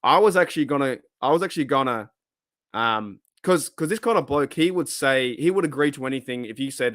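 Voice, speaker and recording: A man's voice: mid-range voice, animated, brisk, fairly bright tone, dry recording, clean studio sound. Rambling Australian man telling a story. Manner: rambling, laughs often, restarts, Aussie slang. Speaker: podcast host. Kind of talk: casual live podcast storytelling.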